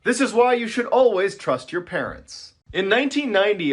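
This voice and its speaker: A man's voice: sits high, a bit bright, husky. A man narrating short creepy true-story clips in a dramatic, suspenseful scripted way.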